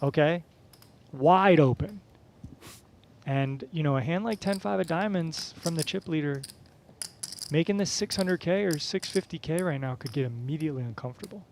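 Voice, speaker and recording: A man's voice: a little high, a little fast, a little mellow, a little hiss or hum. A man giving live poker commentary in a chatty, coaching manner, explaining strategy as he goes.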